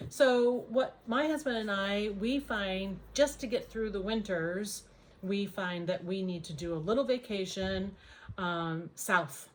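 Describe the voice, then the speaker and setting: A woman's voice: medium pitch, unhurried, slight background noise. An American woman giving casual advice in a vlog, chatty and full of ums and uhs. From United States. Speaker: vlogger.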